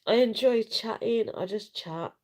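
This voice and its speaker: Crying through a casual live video chat, a woman vlogger talks in a fairly high, slightly mellow voice at an unhurried pace. Her emotional rambling is frank and tearful, full of slang and swearing, and she recorded it at home herself without checking the sound.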